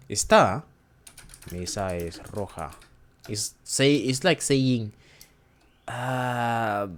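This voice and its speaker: A man giving an informal recorded lesson, hesitant and thinking aloud with many restarts and fillers. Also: mid-range voice. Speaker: language teacher.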